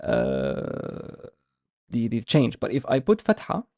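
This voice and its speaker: A male language teacher with a gravelly, creaky voice, recorded dry and close. He explains patiently at a mid pitch and says sounds over and over to show them. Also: very animated, darkish tone, no echo. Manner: patient, repeats words, demonstrates sounds slowly. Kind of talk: explanatory lesson.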